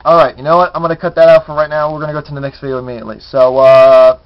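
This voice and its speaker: A man's voice: mid-range voice, level tone, rapid-fire. Guy cursing his way through a brutal platformer, grumbling to himself, muffled lo-fi audio. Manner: cursing, exasperated, muttering to himself. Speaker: gameplay commentator. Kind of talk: frustrated let's play commentary. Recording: dull lo-fi capture with loud guitar music. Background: guitar music.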